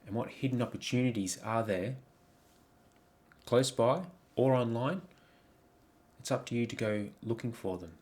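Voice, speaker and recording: A man's voice: medium pitch, moderate pace, long pauses, darkish tone. A man giving a coaching talk over slides, reflective, posing many questions, with frequent ums and restarts. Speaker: life coach.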